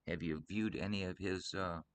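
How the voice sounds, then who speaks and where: A man's voice: deep voice, steady tone, moderate pace, a little hiss or hum. A man from Michigan hosting a casual livestream chat, rambling earnestly and teasing his co-host. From Michigan, USA.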